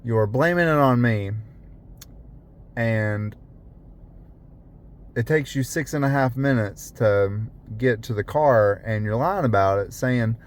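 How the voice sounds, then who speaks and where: A man's voice: mid-range voice, slow, pauses often. A young man, a rideshare driver, rambling in a casual vlog from his parked car, full of fillers and restarts.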